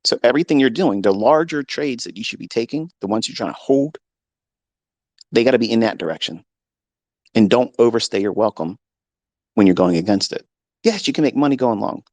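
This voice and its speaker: Middle-aged male trading mentor, foul-mouthed rant, mid pitch, dry close sound. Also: lively intonation, a little fast, pauses often, no room sound. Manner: profane, combative, swings from low musing to shouting. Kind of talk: unscripted rant to listeners. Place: home basement.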